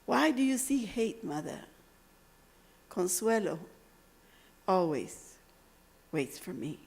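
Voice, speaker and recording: A woman's voice: medium pitch, sing-song, slow, vocal fry, a little mellow, long reverb tail, heavily acted. A woman quoting a young female college friend who pleads in an earnest, heartfelt way. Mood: pleading.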